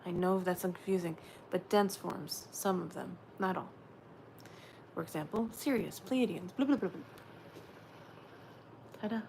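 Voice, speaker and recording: A woman giving a spiritual oracle card reading, gentle and dreamy, often slipping into soft whispers. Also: fairly low pitch, unhurried, vocal fry, long pauses, a little hiss or hum.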